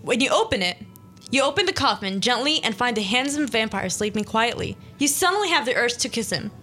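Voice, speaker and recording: A young woman hosting a small radio show, reading her own interactive story aloud in a playful, quick way. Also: a little high, big pitch swings, sharp tone, faint music behind. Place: small studio.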